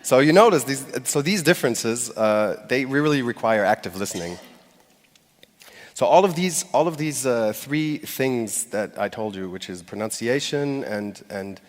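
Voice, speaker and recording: A man's voice: mid-range voice, lively intonation, a little slow. A man giving a live public talk from a stage, speaking conversationally with fillers and restarts and acting out short quoted phrases with light laughs. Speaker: conference speaker. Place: stage in a large hall. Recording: long hall reverb.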